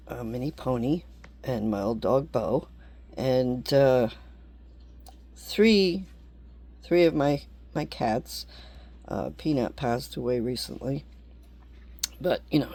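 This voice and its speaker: A woman vlogger rambles at an unhurried, drawn-out pace, blunt and quick to swear. Her voice sits close and dry, with almost no room sound around it. She laughs easily between thoughts. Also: very deep voice, darkish tone, no echo. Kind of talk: casual rambling monologue.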